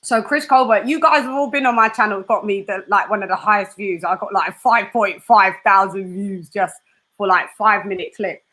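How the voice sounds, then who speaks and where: A woman hosting a casual live chat, animated and laughing. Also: medium pitch, moderate pace. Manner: animated, laughing, mimics voices. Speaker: host.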